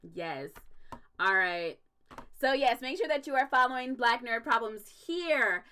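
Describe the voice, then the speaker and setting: A woman's voice: fairly high pitch, lively intonation, a little slow, bright, forceful tone, clear, resonant tone. A young adult woman hosting a casual livestream, ranting emphatically with frequent swearing and laughter. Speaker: stream host.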